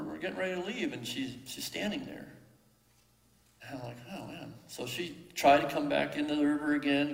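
Gravelly-voiced man telling a story in an echoey hall. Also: mid-range voice. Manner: reflective, halting, with many fillers and restarts. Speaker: father telling a personal story. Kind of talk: casual personal storytelling. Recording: echoey hall with long reverb.

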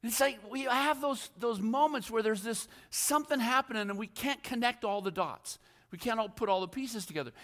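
A man's voice: sits high, a bit bright. A male pastor preaching a sermon in a rambling, self-deprecating storytelling way, full of fillers and restarts. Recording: long reverb of a large hall.

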